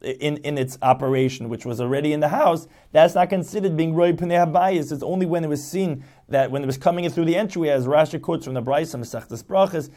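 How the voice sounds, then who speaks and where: Mellow-voiced man giving a lecture. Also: fairly high pitch, fast talker, few pauses. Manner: explains step by step, rephrasing each point. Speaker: Talmud teacher. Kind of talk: lecture explaining a text.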